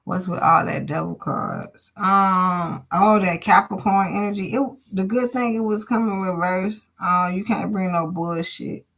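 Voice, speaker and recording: A woman's voice: on the low side, steady tone, a little slow, gravelly, few pauses, fairly bright tone. A woman, giving a live-streamed tarot reading and chatting bluntly with her viewers, with plenty of swearing. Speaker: tarot reader.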